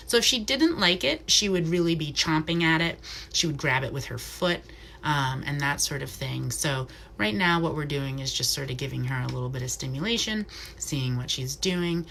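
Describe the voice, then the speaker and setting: Low-voiced woman chatting about wildlife. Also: lively intonation, normal speed, gravelly, slight background noise. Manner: chatty, soft cooing asides to the owl. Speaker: wildlife educator. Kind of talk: live-streamed educational talk. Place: wildlife center room.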